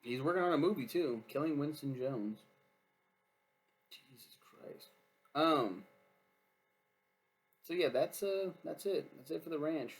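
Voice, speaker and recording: A man's voice: fairly high pitch, animated, a little slow, long pauses, slightly rough. A man chatting casually as he reviews a TV series, rambling and swearing freely with lots of fillers.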